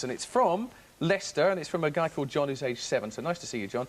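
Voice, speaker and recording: A man's voice: on the high side, animated, quick pace. A man presenting a live children's TV show in a studio, bouncy and enthusiastic. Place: TV studio with kids audience. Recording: studio with clear background noise.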